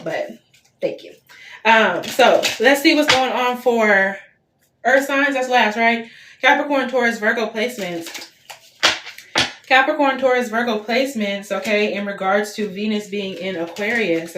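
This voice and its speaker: A woman in her twenties giving a casual livestream tarot reading, chatty and repetitive, full of fillers. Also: medium pitch. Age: 20s. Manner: chatty, lots of fillers, repeats herself. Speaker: tarot reader. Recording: roomy echo, faint background hiss.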